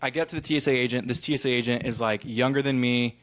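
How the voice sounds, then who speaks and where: A man from Ohio, co-hosting a podcast, rambles through a travel story in casual chat, acting out the people in it and swearing casually now and then. His voice is medium in pitch and a bit bright, with fairly even intonation, and he talks very fast.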